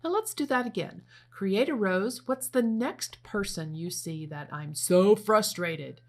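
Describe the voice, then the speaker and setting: A woman leading a guided meditation, giving slow, gentle spoken instructions. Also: mid-range voice, big pitch swings. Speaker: meditation leader.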